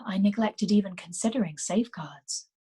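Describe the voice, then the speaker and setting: A woman reading aloud, voicing a composed young female illusionist who speaks calmly and precisely. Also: mid-range voice, moderate pace, husky.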